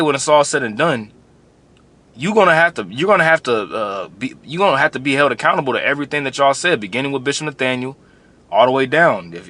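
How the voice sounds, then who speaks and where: A man preaching straight to the people he is answering. His voice is bright and forceful, and his tone is blunt and confrontational. He repeats phrases often as he drives each point home. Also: mid-range voice. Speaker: religious commentator. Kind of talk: preaching commentary.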